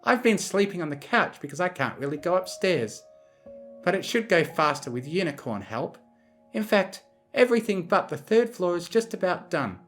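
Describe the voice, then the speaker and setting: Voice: mid-range voice, sing-song, normal speed, fairly bright tone, soft background music, pitched above the performer's own voice. A narrator voicing a friendly, cheerful young female pony who speaks in a welcoming way.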